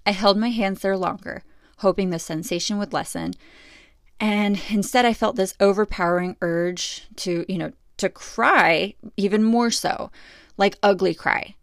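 A middle-aged woman telling a personal story in an earnest, reflective way, with many fillers and pauses. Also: mid-range voice, dry recording, studio quality. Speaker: podcast host.

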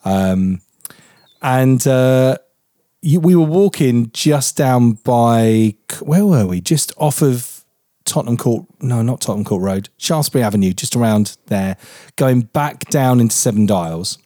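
Lively laughing English man, mellow voice. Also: mid-range voice, unhurried, no echo, studio quality. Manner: lively, laughing, swears freely. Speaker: podcast co-host. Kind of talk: casual chat.

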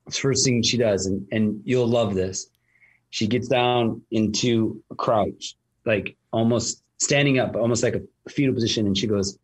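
A man with a low, husky voice, chatting casually as a host. He rambles through his story, full of ums and restarts. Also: a little slow. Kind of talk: casual conversation.

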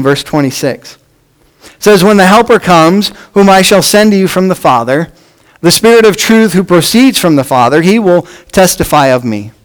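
A man preaching a sermon, with measured phrasing that drops off at the ends of lines. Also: high voice, poor audio. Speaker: pastor.

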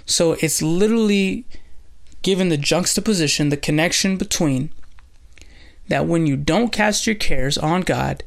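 A man's voice: a little high, unhurried, creaky. A man hosting a bible study, teaching earnestly through scripture as a preacher. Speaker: pastor and host.

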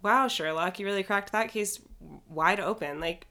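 A woman's voice: medium pitch, normal speed, pushed and bright. A woman co-hosting a podcast, recapping a reality show in casual chat, blunt and sarcastic and swearing freely. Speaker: podcast co-host.

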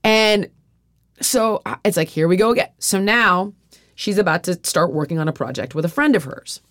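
A woman's voice: fairly low pitch, moderate pace, fairly bright tone, no room sound, clean studio sound. A middle-aged woman hosting a podcast, speaking frankly and confessionally, often saying "like" and swearing freely. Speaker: podcast host. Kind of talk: candid personal conversation.

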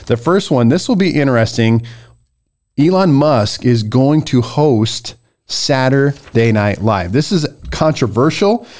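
A man from the United States hosting a casual podcast, rambling and getting worked up as he rants, with frequent restarts. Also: medium pitch. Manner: animated, rambling, gets worked up. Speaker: podcast host. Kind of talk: casual ranting commentary.

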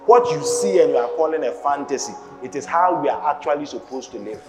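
A man's voice: on the high side, animated, brisk. A man preaching a sermon, emphatic and firing pointed, repeated questions at the congregation. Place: church hall. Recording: echoey hall with music.

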